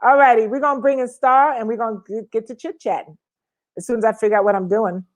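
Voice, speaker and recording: A woman's voice: fairly high pitch, quick pace. Chatty woman co-host greeting viewers. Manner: chatty, lively, keeps talking to viewers by name. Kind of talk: casual livestream chat.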